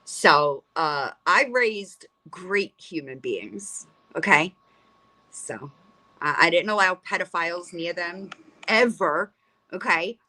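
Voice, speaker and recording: A middle-aged woman hosts a livestream, ranting bluntly and profanely, rambling and restarting often. Her voice sits lowish and sounds pushed and bright, animated yet unhurried.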